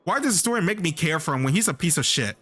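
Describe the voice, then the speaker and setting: A man playing through a story game, reading it aloud and reacting in excitable outbursts full of swearing. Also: on the high side, fast, faint music behind. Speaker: let's player.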